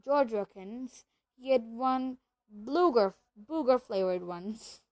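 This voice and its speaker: A woman reading a storybook aloud and voicing an excitable, blunt young boy wizard in a slightly lower, eager tone. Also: takes it slowly. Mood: warning.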